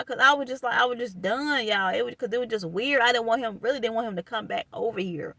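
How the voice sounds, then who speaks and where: A young woman, telling a personal story to her viewers in an animated, casual way and calling them y'all. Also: on the high side, fast, vocal fry, few pauses, no room sound.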